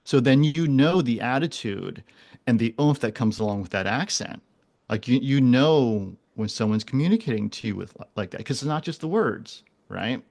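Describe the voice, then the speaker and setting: A man's voice: medium pitch, lively intonation, normal speed, gravelly, a little mellow. A man in his forties, a podcast guest talking casually and earnestly, often restarting and repeating words. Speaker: guest, animal communicator.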